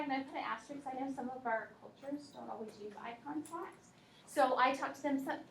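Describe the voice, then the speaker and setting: A woman teacher giving a workshop presentation to other teachers, talking in a relaxed, practical way and speaking straight to her audience. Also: on the high side, a little hiss or hum. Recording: echoey room, mic from a distance.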